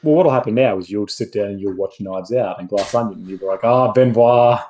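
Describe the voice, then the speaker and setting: A man's voice: fairly low pitch, fast talker, dark tone, a little hiss or hum, poor audio. A man co-hosting a film review podcast, talking in a rambling, casual way with many restarts and asides. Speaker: podcast co-host.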